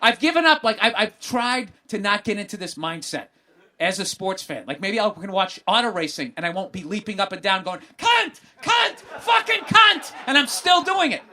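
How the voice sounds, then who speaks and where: A man hosting a podcast, swearing constantly and bursting into excited yelling during a comedic rant about sports. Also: high-pitched, brisk, some chatter behind. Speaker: podcast host.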